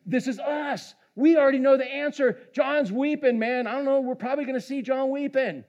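A man preaching a sermon, animated, swinging from hushed lines to shouting and joking with the congregation. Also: extremely high pitch, fairly quick, muffled recording. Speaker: pastor.

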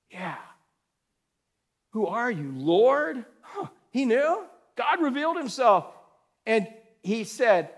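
Preaching in a lively, down-home style, this middle-aged pastor has a high-pitched voice. He dramatizes scenes, shouts without warning, and calls his audience "man" and "dude."

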